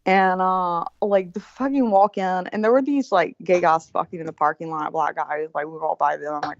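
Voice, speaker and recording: A woman's voice: lowish voice, steady tone, brisk, gravelly, hardly any pauses, no echo. Profane rambling woman storyteller, lo-fi. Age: 40s. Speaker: show producer, co-host. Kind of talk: casual storytelling chat.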